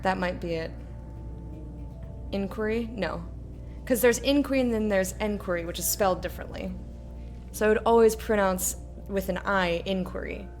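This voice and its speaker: A woman's voice: mid-range voice, moderate pace, long pauses, darkish tone, faint music behind. A woman streamer giving casual, rambling, self-mocking commentary while playing a game. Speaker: let's play streamer.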